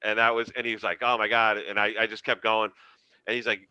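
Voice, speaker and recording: A man's voice: on the low side, quick pace, highs cut off. A man, a comedian telling stories in a casual chat and acting out the voices of the people in them. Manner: animated storyteller acting out quoted voices. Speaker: comedian guest.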